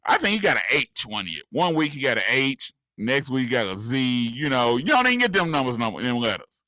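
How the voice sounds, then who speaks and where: A man co-hosting a sports talk radio show, talking in a lively, animated way, with lots of repeats and loose slang. His voice is bright and forceful. It sounds dry and close to the mic. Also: mid-range voice, fast talker, dry recording. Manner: animated, laughing, repeats words, southern US slang.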